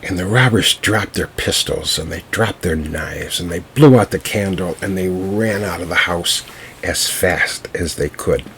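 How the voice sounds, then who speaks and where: A man telling a folk tale to listeners, unhurried, with small fillers and restarts. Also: deep voice, a bit bright, a little hiss or hum. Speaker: storyteller.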